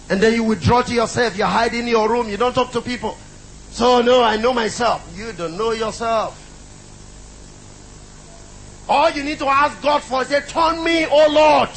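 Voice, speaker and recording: A man's voice: very high voice, a bit bright, slight background noise, rough recording. A middle-aged man preaching a sermon, emphatic and repetitive, calling out to the congregation.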